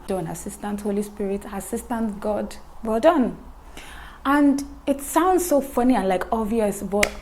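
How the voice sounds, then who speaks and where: A woman's voice: medium pitch, mellow, a little hiss or hum. A young woman talking to camera in a casual chat, repeating words for emphasis and laughing at her own jokes. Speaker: vlogger.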